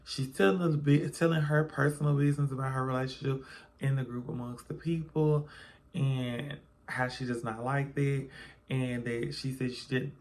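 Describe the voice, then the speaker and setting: A man recaps a reality TV episode at home, sleepy in the early hours. His voice has a gravelly, fry-laden edge at a middle pitch. He talks chattily to his viewers and calls them y'all and baby. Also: darkish tone. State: sleepy, yawning early in the morning. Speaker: reality TV reviewer. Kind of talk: casual recap vlog.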